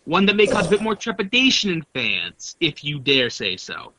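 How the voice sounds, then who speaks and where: A man's voice: a little high, wildly swooping pitch, moderate pace, bright, forceful tone, a little hiss or hum. A man co-hosting a podcast, presenting news items in a wry, sarcastic way. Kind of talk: casual chat, reading news items. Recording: dull lo-fi mic.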